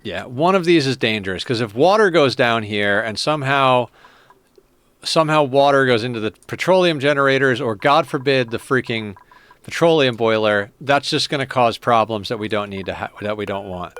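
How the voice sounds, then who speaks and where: A man streaming a game, chatting casually and thinking out loud to his viewers. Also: mid-range voice, expressive, moderate pace, clean tone. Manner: chatty, thinks aloud and talks to chat. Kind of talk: casual live-stream commentary.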